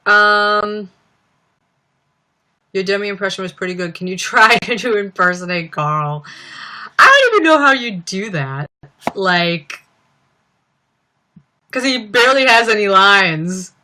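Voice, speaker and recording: A young woman chats on a livestream, answering viewers in a giggly, rambling way. She speaks slowly and leans on plenty of fillers. Her voice has a bright, forward tone. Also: medium pitch.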